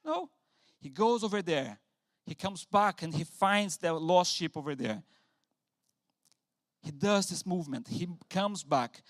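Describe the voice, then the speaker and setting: A man preaching a sermon in a church, animated, acting out quotes with sudden loud bursts. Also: high-pitched. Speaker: pastor.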